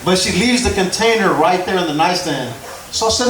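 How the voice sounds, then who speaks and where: A man's voice: high-pitched, expressive, brisk, fairly bright tone, distant mic. A young man from Houston doing a stand-up comedy set, loose and conversational, laughing at his own punchlines. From Houston, Texas. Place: comedy club stage before a live crowd. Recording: roomy club recording with crowd noise.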